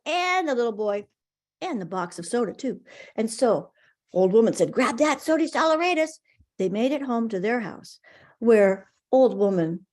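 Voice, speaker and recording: A woman storyteller narrating a folk tale in a rhythmic, expressive way, speaking over a video call. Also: fairly high pitch.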